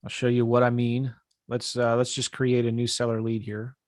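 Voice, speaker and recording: A real estate investing coach leads a live webinar, casual, upbeat and energetic, walking viewers through his screen and talking straight to them. His voice is an ordinary middle pitch at a moderate pace, and the sound is dry and close with no room echo.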